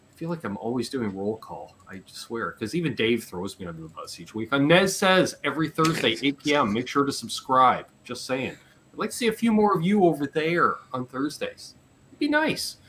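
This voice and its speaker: Canadian guy hosting a live stream, jokey, bouncy pitch, bright voice. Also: a little hiss or hum. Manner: playful, jokey, rattling through a list. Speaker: podcast host. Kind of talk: live-stream chat, reading out viewer names.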